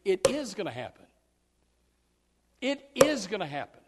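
A man preaching a sermon as pastor, jumping into loud acted quotes and dropping to low, quiet asides. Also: sing-song, a little slow, big-room sound, heavy background noise.

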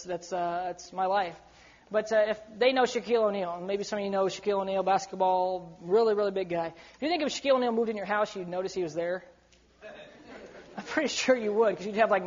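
A man's voice: sits high, dull audio. A man preaching to young people in an urgent, emphatic sermon, often acting out what people might say. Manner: emphatic, urgent, slips into quoted voices. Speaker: youth preacher.

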